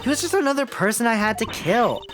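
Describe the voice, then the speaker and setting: A woman's voice: a little high, animated, fast, over music, voice pushed up, close to an everyday voice. Woman doing a sneering villainous woman. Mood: taunting. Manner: sneering, taunting. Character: smug villainous woman, mocking and cold.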